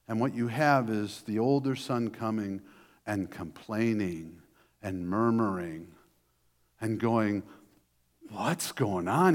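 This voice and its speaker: Man preacher, mid-pitched, lively storyteller, hall with long reverb. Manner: animated storytelling with restarts. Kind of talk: sermon.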